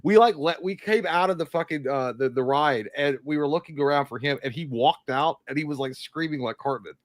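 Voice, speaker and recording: A man's voice: a little high, a little fast, no room sound. A man, co-hosting a casual livestream and telling a rambling story through frequent laughter. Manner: laughing, rambling anecdote teller. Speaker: podcast co-host.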